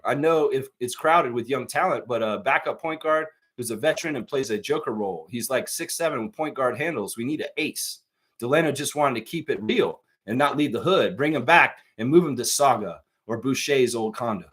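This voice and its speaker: A man hosting a live sports stream, talking in a rambling, excitable way and laughing often. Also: medium pitch, a little fast, husky. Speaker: podcast host. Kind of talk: casual live-stream chat.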